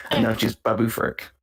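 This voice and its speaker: Male co-host, husky and a bit breathy, deadpan crude jokes. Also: fairly low pitch. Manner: dry, crude one-liners. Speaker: podcast co-host. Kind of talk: casual chat.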